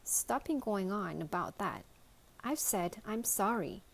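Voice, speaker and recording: A sharp-tongued, bossy toy pig, as a woman reading aloud puts him on. The tone is fierce and threatening, and it is delivered slowly and louder than the narration. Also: medium pitch, lively intonation, vocal fry, exaggerated voice.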